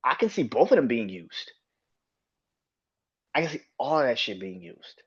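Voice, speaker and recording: A man's voice: sing-song, measured pace, husky, muffled recording. Profane, heated man ranting on a podcast. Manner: profane, heated, swings from low mutters to sharp outbursts. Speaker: podcast host. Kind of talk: solo wrestling podcast rant.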